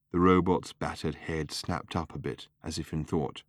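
Deep, dry male audiobook narrator, measured and wry. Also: fairly even intonation, dry recording.

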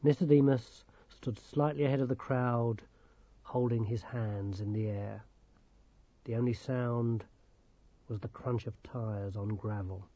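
A man reading a storybook aloud in a calm, even manner. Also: medium pitch, unhurried, dry recording, muffled recording. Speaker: audiobook narrator. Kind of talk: scripted storybook narration.

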